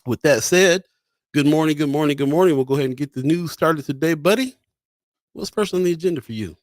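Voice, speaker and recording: A man's voice: on the high side, quick pace, no room sound, clean studio sound. A man hosting a community talk show, plugging the sign-up link and greeting listeners before handing off to his co-host. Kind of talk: show opening and sign-up plug.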